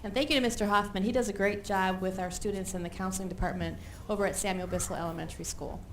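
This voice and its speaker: Woman board member who praises and encourages the children; even mid-range voice, slight hum behind. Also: medium pitch, quick pace. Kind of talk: speaking at a school board meeting.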